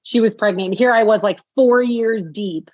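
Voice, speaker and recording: A woman's voice: a little high, normal speed, darkish tone, lo-fi sound. A woman in her forties, a podcast guest, candidly telling a personal story in a heartfelt way, full of fillers. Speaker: podcast guest, author and speaker.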